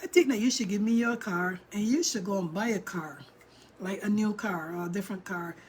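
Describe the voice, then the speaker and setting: A woman voicing her teenage daughter as a high, rushed, pleading girl who turns panicky. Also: a little mellow, a little hiss or hum, lightly acted.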